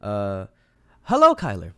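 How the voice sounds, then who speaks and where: An American man co-hosting a casual interview, relaxed and playful in manner. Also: fairly low pitch, unhurried. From United States. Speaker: co-host.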